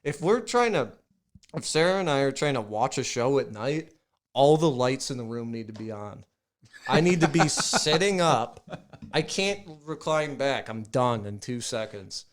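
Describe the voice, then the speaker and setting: Man, podcast co-host, casual chat, rambling, swearing, mid-pitched voice. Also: expressive, moderate pace. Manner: rambling, profane storytelling with loud acted outbursts.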